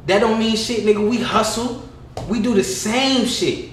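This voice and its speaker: A young man with a fairly high voice rants and tells stories on a casual podcast, swearing freely and breaking into loud, animated bursts. The room is echoey, with a faint hum of background noise behind him. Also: a little slow. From California. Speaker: podcast co-host.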